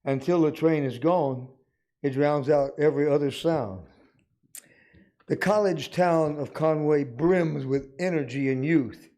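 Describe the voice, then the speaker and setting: An older man from Arkansas, a retired physician, reading his own rhymed poem aloud at a city council meeting in a measured, deliberate way. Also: fairly high pitch, warm tone. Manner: measured, deliberate recital with dry humor. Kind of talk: slow rhymed poetry reading.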